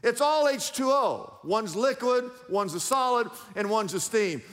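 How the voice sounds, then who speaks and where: This preacher's voice is very high and a bit slow, with the sound of a large room around him. Addressing his congregation head-on, he asks them questions, urges them to note points down, and keeps calling out with animated energy.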